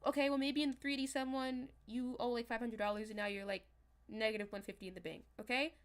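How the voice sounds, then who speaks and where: A young woman chatting casually on a livestream as a manifestation coach, talking straight to her viewers in a loose, animated way. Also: on the high side, fast talker. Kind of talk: casual livestream talk to chat.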